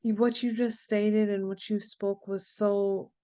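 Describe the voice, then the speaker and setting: A woman hosting an interview, speaking in an effusive, halting way with many restarts. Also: medium pitch, flat delivery, dark tone, no echo. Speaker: show host. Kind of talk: casual interview chat.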